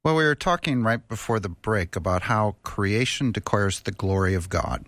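A man's voice: fairly low pitch, normal speed, fairly bright tone, dry recording. A male guest on a Christian radio show who speaks in an earnest, preacherly way. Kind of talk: radio interview.

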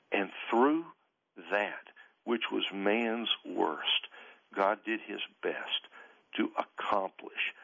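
A male pastor and author, a guest on a radio show, speaking earnestly with emphatic, drawn-out stresses. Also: on the low side, vocal fry, a bit bright, muffled recording. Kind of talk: radio interview, preaching tone.

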